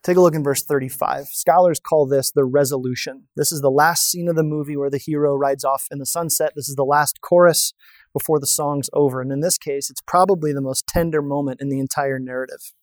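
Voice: medium pitch, steady tone, a little fast, dry recording. A pastor preaching a sermon in a conversational way, often asking the audience rhetorical questions.

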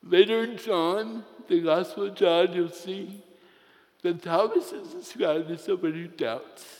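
Guy preaching slow, kinda high voice, joking around in his story, long echo like a big church. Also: darkish tone. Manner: slow, storytelling with playful humor. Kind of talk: sermon with personal story. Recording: long reverb of a large hall.

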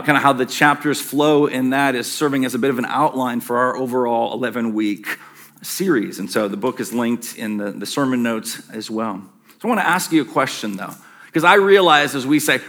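A man's voice: mid-range voice, fairly bright tone. A middle-aged man preaching a casual, self-deprecating sermon to his church, with plenty of fillers and asides. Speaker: pastor. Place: church sanctuary.

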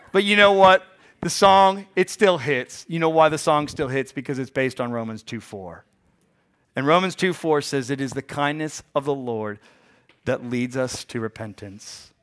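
A man in his forties preaching a sermon as pastor, hoarse from bronchitis, joking with the congregation and rising to loud, emphatic peaks. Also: medium pitch, normal speed. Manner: jokey asides, rises to loud emphatic peaks.

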